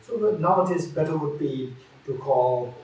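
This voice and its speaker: A man's voice: on the high side, normal speed, darkish tone, heavy reverb, recorded from a distance, low-quality recording. A man giving a Buddhist teaching at a retreat, repeating key phrases and restarting often.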